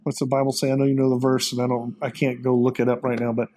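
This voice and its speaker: A man in his late fifties talks in a relaxed, rambling way, filling his stories with "uh" and "you know." His voice sits at an ordinary pitch for a man. There is a faint hiss of noise behind him. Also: fast. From Texas. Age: 50s. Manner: rambling, folksy storytelling with many fillers. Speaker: interview guest. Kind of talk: casual conversation.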